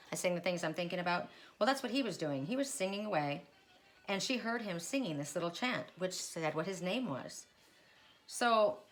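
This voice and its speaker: A woman's voice: fairly low pitch, a bit bright. A woman giving a casual spoken card reading, retelling a fairy tale in a chatty way with many restarts and asides. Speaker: tarot reader.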